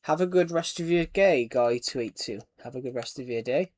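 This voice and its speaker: A man's voice: mid-range voice, brisk, darkish tone, dry recording. A man with an English accent chatting casually on a gaming live stream, often repeating and restarting his phrases while he answers chat.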